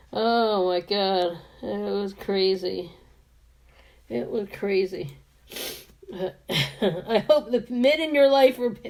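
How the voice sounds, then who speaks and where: Give me a high-voiced woman in her fifties, rambling through a story while doing her makeup. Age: 50s. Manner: rambling, many restarts and frequent laughter. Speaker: beauty vlogger.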